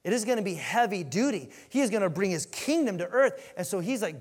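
A man with a fairly high voice delivers an animated sermon, stressing words and repeating himself to drive points home. His voice rings with the long reverb of a large hall. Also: fast, few pauses. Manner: animated preaching with emphatic repeats. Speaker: pastor.

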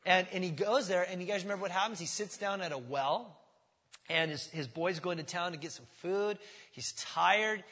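Delivering a chatty sermon at normal speed, the male pastor has a high, husky voice that sounds pushed and bright, carried by big-room acoustics. He repeatedly asks his congregation "does that make sense?" and performs the voices in quoted exchanges.

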